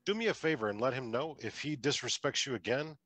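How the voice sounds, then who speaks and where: A man at a tabletop role-playing game, talking in character with heat and lots of swearing. His voice has an ordinary mid pitch. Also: expressive, fast, a bit bright. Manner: profane and heated. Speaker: player.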